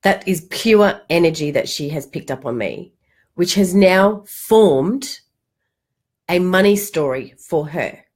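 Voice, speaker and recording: Lively middle-aged woman, a money coach. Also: on the low side, slow pace. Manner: animated storytelling, acts out quotes, casual swearing. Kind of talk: casual livestream talk.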